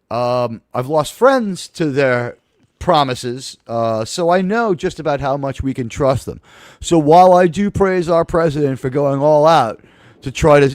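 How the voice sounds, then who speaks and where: A man's voice: a little high, no echo. A man hosting a live comedy talk show, chatting casually and rambling with jokes. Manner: rambling, jokey, with restarts.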